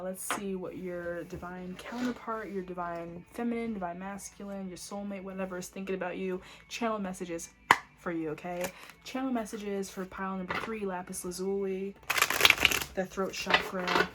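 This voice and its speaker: A woman giving a casual tarot reading in a blunt, excitable way, cursing often. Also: mid-range voice, moderate pace, background noise. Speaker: tarot reader.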